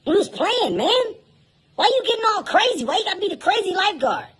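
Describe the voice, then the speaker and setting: A man's voice: very high voice, sing-song, fairly quick, fairly bright tone, voice pushed up, full character voice. A man voicing an annoyed young boy at a pool, whiny and indignant.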